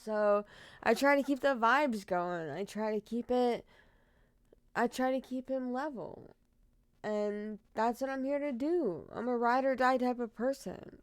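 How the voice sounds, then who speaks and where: A woman's voice: a little high, measured pace, no echo. A young woman retelling a true crime case, emotional and outspoken, swearing freely as she reacts.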